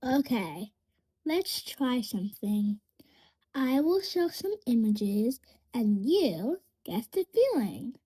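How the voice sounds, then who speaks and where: A cheerful voice teaching a children's language lesson, talking straight to young learners in slow, carefully spaced phrases for them to repeat. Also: medium pitch, very animated, dark tone, slightly rough.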